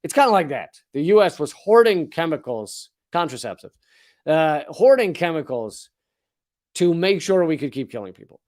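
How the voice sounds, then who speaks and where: With a fairly high, darkish voice, big pitch swings and a moderate pace, a man in his forties hosts a comedic political monologue. This comedian and commentator reads news stories, adding sardonic, profane asides as he riffs.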